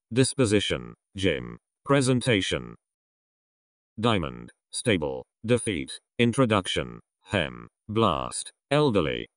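A man reading a vocabulary list aloud, one word at a time in a slow, measured way. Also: sits low, a bit bright, no echo, studio quality. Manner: slow, measured reading of single words with pauses.

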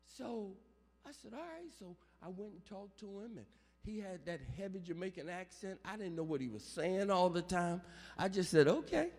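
A male pastor preaching a funeral sermon, calling out to the congregation for amens and building up to shouts. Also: high voice, expressive, normal speed, gravelly. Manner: call-and-response preaching, rising to shouts. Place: large church sanctuary. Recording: long church reverb.

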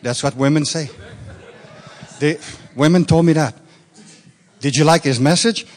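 French-Canadian man preaching with a warm joking lilt. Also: fairly high pitch, a little slow. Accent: Quebec French. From Quebec, Canada. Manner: chatty, joking asides, bursts of enthusiasm. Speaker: guest minister. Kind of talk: informal sermon. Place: church meeting on stage.

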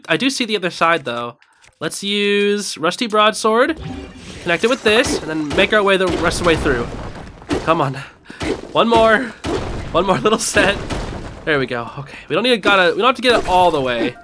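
An excitable young man talks his way through a video game, thinking aloud and greeting whatever he meets. His voice sits high and swoops around a lot, with a bright edge. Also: slight background noise. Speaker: gaming channel host. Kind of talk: casual let's play commentary.

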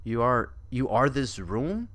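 Animated young man reacting to a game. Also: medium pitch, slow pace. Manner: joking, reactive, swings from mutters to yells. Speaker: gaming YouTuber. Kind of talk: let's play commentary.

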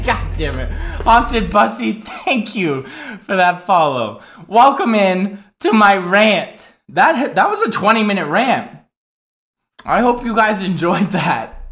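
A man live streaming from his home setup into a desk microphone, ranting in a frustrated, profane, animated way. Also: sits high. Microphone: desk microphone with headset.

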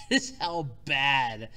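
A man hosting his own podcast, talking alone and animated, who keeps breaking into helpless laughter. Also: medium pitch. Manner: animated, exaggerated and self-deprecating. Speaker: podcast host. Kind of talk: solo podcast commentary.

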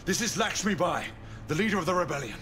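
An actor playing a stern young knight soldier who pleads urgently and sometimes drops to a whisper, in a game cutscene. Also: male voice, sits high, lively intonation, quick pace, a little hiss or hum. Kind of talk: video game cutscene acting. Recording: game cutscene with loud music behind.

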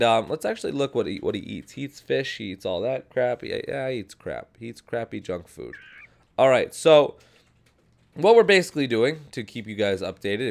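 A young man casually narrating his own gameplay as a video host, rambling upbeat and often correcting himself. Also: mid-range voice. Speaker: gaming channel host. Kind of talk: casual Minecraft let's play commentary.

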